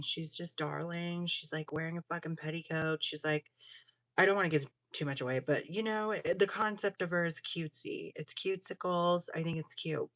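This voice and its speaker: A woman's voice: on the low side, fairly bright tone, no echo. Sassy, chatty woman livestreaming. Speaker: livestream host. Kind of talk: casual livestream chat while crafting jewelry.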